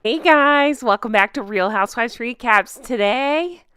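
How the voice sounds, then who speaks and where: A woman's voice: fairly high pitch, a little slow, fairly bright tone, clear, resonant tone, dry recording, clean studio sound. A woman hosting a gossip commentary vlog, ranting with sarcastic emphasis. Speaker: channel host.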